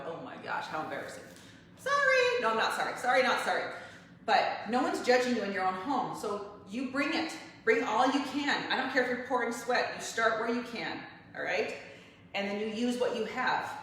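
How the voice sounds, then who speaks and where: A woman in her forties gives her barre fitness class an upbeat, chatty pep talk, sounding like an encouraging coach. Her voice sits at an ordinary middle pitch. She stands away from the mic in a strongly echoing room, with a faint hiss underneath. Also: a bit bright, distant mic. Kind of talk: motivational class talk to camera.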